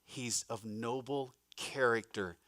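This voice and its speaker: A man's voice: medium pitch, takes it slowly, a bit bright, no echo, clean studio sound. A male pastor giving a conversational sermon, breaking off for asides to the congregation. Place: church.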